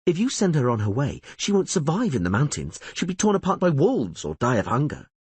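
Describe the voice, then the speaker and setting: A man voicing a sharp-tongued, protective young outlaw with a scornful, heated way of talking. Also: on the high side, wildly swooping pitch, a little fast, breathy edge, dry recording, voice pushed up, exaggerated voice.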